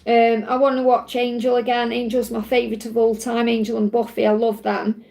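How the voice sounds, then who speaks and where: A chatty English woman talking fast on a live stream, tumbling from one thought to the next with plenty of ums. Her voice sits a little high for a woman. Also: flat delivery, creaky, darkish tone. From England. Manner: fast, chatty, rambling with many fillers. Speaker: livestream host. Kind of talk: casual live chat.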